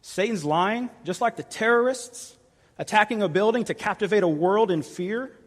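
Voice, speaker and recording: A man preaching a sermon with earnest, repeated appeals, often dropping to soft, hushed tones. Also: high voice, moderate pace. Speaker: pastor. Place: large church hall. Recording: reverberant church hall.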